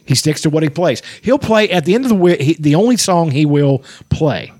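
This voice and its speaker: A man's voice: a little high, animated, a little fast, darkish tone, slightly rough, dry recording, studio quality. A man, chatting casually as a podcast host, rambling, swearing and laughing often. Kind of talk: casual chat.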